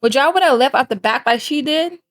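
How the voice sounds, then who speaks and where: A woman's voice: high-pitched, fairly quick, a bit bright. A woman hosting scripted commentary in a sassy way, talking straight to her viewers. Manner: sassy, addresses viewers as cousins. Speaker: host.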